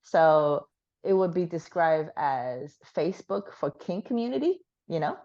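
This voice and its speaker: A slightly hoarse woman chatting frankly as an interview guest, with plenty of fillers. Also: sits low, big pitch swings, unhurried, a little mellow, lo-fi sound. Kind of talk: casual chat.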